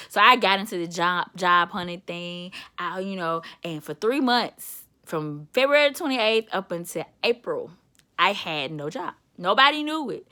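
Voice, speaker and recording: Woman motivator, vlog storyteller: bright tone, lively swooping pitch, candid and chatty. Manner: candid, chatty, calls listener honey and baby. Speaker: self-described motivator.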